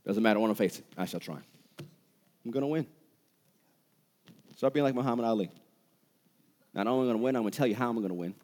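A man preaching a sermon as pastor, with impassioned delivery that builds to shouted peaks. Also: medium pitch, fast talker, pauses often, in a large hall.

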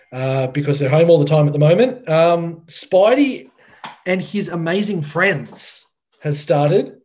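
A man's voice: on the high side, mellow. A man, co-hosting a casual podcast chat, chatty and enthusiastic. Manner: chatty, enthusiastic, laughs often. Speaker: podcast co-host. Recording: dull lo-fi with faint noise.

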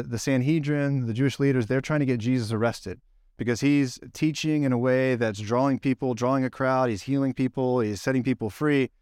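Fast-talking man preaching a casual sermon. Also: medium pitch, clean tone, dry recording, studio quality. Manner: animated storyteller, acts out quoted lines. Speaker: pastor.

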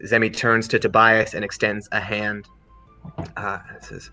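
Bright-voiced man running a tabletop game. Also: lowish voice, a little slow, faint music behind. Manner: relaxed storytelling with fillers. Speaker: game master.

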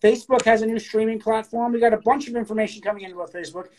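A woman co-hosting a loose, casual podcast, her voice sitting a little high. She talks bluntly and swears often, and slows right down when she reads poetry aloud. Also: steady tone, darkish tone, a little hiss or hum, low-quality recording. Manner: crude, blunt, profane talk; reads poems aloud slowly. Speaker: podcast co-host. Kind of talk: casual chat.

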